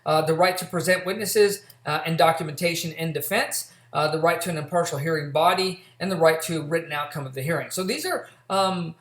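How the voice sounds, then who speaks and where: A middle-aged man lectures in a relaxed, conversational way, stumbling through fillers and restarts as he tells stories. His voice sits a little high for a man. The room around him rings with a noticeable echo. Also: fairly quick, hardly any pauses. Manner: casual, storytelling, frequent fillers and restarts. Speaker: college instructor. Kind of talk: recorded lecture with a personal anecdote. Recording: echoey room.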